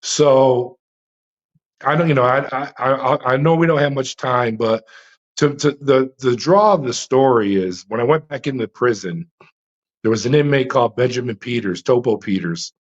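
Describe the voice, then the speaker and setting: A middle-aged man telling his story as an interview guest, animated, full of fillers and restarts. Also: medium pitch, moderate pace, dull audio. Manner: frequent fillers and restarts, dramatic retelling. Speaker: interview guest, former prison officer.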